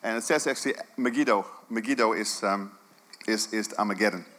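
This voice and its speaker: A middle-aged man preaching a sermon, telling the story with animation and swinging from quiet, hushed lines to loud outbursts. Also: on the low side, fairly quick.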